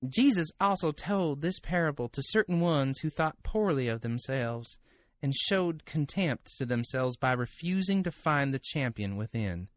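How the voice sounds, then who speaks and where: A man's voice: on the high side, lively intonation, measured pace, no echo. A man doing a grinning Texan megachurch preacher. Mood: smug cheer. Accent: Texas drawl, put on. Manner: grinning, upbeat sing-song delivery. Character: smiling, self-satisfied male megachurch preacher.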